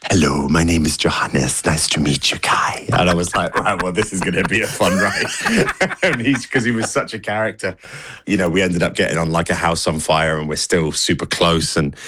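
Guy with a really deep voice, chatty guest on a radio show, lots of you-knows. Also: fairly bright tone. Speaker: guest dancer. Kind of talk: casual radio interview chat.

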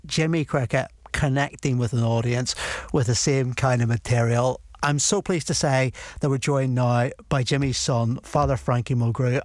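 A radio host talking conversationally between clips and guests, at a middling pitch. His studio sound is close and dry. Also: no room sound. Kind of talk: radio presenting.

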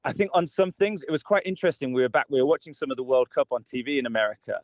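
A man from Scotland chatting as a guest on a radio phone-in, easygoing and relaxed with lots of hesitations. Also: medium pitch, racing, no room sound, dull audio. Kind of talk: casual chat.

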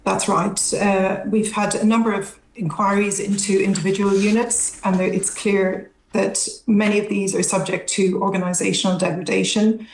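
A woman's voice: medium pitch, little pitch movement, normal speed, vocal fry, hardly any pauses, a little mellow, roomy sound, rough recording. A woman academic expert giving careful, analytical answers in a news interview, with some hesitations.

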